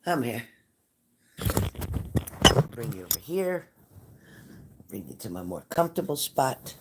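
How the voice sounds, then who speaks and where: A woman's voice: very deep voice, big pitch swings, slow, heavy background noise. Emotional older woman chatting on a live stream. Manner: emotional, scattered, talks straight to viewers. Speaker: psychic reader hosting a live stream. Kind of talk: casual live-stream chat.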